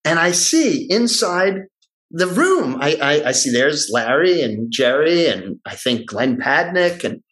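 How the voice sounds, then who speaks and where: Bright-voiced man telling an animated story. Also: fairly high pitch, unhurried, poor audio. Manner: animated, acts out the voices of people in his story. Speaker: guest actor telling a story. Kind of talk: casual storytelling.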